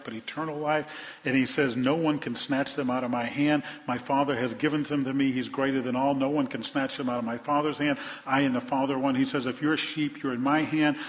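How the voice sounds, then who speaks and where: A male pastor preaching a sermon, asking the congregation rhetorical questions and building to emphatic points. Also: medium pitch. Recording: dull sound in a long-reverb hall.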